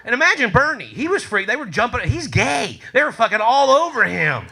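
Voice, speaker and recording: A man telling a profane, animated story on a comedy club stage, swearing and laughing through his lines. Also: very high-pitched, a little fast, vocal fry, breathy edge.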